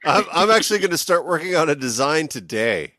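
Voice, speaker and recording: A man's voice: fairly high pitch, big pitch swings, brisk, bright, forceful tone, dry recording, studio quality. A man hosting a casual podcast, joking, laughing often and swearing. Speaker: podcast host.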